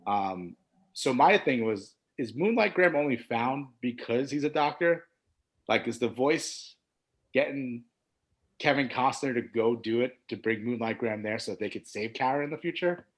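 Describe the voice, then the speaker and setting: A man's voice: mid-range voice, lively intonation, normal speed. Tentative, musing podcast man. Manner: musing, tentative, trails off with fillers. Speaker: podcast co-host. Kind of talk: casual chat.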